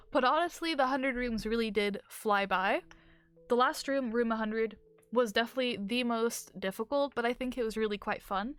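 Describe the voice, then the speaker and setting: A woman hosting a gaming video, chatting through her play in an upbeat, rambling way. Her voice sits a little high. Soft music plays faintly underneath. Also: clear, resonant tone. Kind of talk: casual game commentary.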